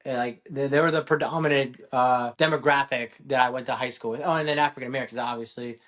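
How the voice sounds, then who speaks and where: A man's voice: mid-range voice, fairly even intonation, quick pace, a bit bright. A man from Queens, a podcast guest, telling his army story in a rambling, self-correcting way. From Queens, New York City. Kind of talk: casual interview chat.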